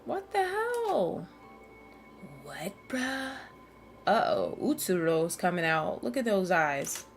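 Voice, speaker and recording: Excitable, swearing woman streamer. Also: lowish voice, slow pace, faint music behind. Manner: excitable, swears a lot, slangy. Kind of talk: casual let's-play commentary.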